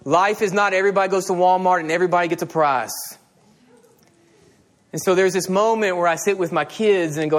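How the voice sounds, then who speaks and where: A middle-aged man preaching a sermon as a pastor, animated and telling stories with quoted dialogue. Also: high voice, a little fast.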